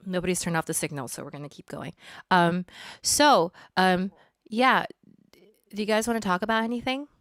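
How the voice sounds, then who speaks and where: A woman's voice: medium pitch, lively intonation, normal speed, long pauses, no echo, clean studio sound. A woman musician chatting playfully on a live-streamed show, rambling with laughter and dramatic asides. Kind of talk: casual chat to a live stream.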